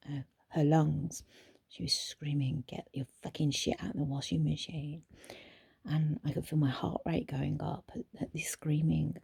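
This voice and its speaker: A woman therapist telling a story casually, in a soft, hesitant way with frequent whispered asides. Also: deep voice, gravelly, slightly rough, no echo.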